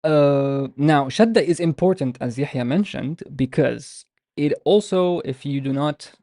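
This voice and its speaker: Man teaching, low gravelly voice. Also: warm tone, no echo, clean studio sound. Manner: explanatory, with frequent restarts and drawn-out example words. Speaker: language teacher. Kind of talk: online language lesson.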